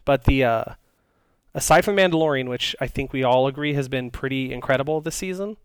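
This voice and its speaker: A podcast co-host chats casually, his medium-pitched voice smooth and brisk. He rambles, leaning on lots of fillers and restarting sentences, and the recording is dry.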